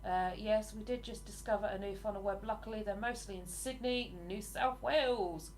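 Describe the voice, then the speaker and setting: A woman's voice: mid-range voice, steady tone, moderate pace, darkish tone, slight background noise. An English woman in her forties, chatting casually with viewers on a livestream and answering their comments. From England. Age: 40s. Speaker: livestream host.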